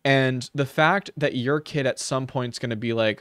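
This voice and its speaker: A man's voice: medium pitch, normal speed, few pauses, a bit bright, no room sound, clean studio sound. A man doing sarcastic reaction commentary on a video, mocking and swearing as he rants. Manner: mocking, profane, ranting.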